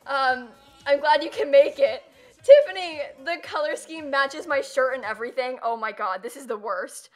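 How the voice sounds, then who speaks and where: A woman's voice: high voice, normal speed. A young woman streaming live and chatting casually, who keeps dissolving into giggles and helpless laughter.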